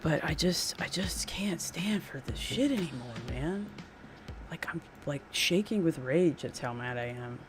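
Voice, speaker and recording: A man's voice: a little high, expressive, unhurried, soft background music. A man talking casually to his live-stream audience, rambling and blunt, full of fillers and swearing. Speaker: game streamer.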